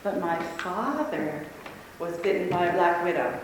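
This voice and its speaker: A woman speaking at a convention, telling a lively personal story to a live audience with frequent laughter. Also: fairly low pitch, a little slow, slight background noise. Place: large conference hall. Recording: echoey hall, speaker far from mic.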